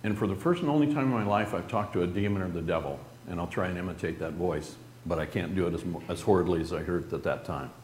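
A middle-aged man with a low voice tells a personal story in an earnest, halting way, letting his voice drop soft at grave moments. The recording is roomy and echoey, with a faint hiss of noise behind him.

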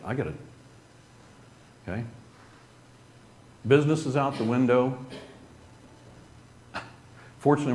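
A man telling a group an emotional personal story in an earnest, halting way, with restarts and some throat-clearing. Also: lowish voice, darkish tone, reverberant, a little hiss or hum.

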